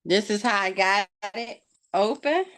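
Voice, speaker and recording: A woman's voice: mid-range voice, a little slow, a bit bright. A woman hosting a craft video, talking casually and playfully to her viewers, teasing them with mock drama. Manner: colloquial, addresses viewers as y'all. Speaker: craft channel host. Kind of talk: casual vlog talk.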